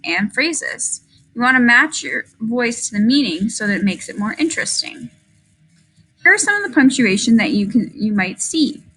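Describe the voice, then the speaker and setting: A woman teaching a recorded third grade lesson on reading with expression, speaking clearly and deliberately and reading a passage aloud as a demonstration. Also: on the high side, fairly bright tone, low-quality recording.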